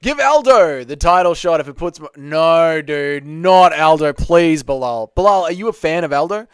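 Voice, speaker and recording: A man's voice: fairly high pitch, animated, normal speed, clear, resonant tone, no echo, clean studio sound. A young man hosting a casual live Q&A, reading chat messages aloud and bantering with viewers.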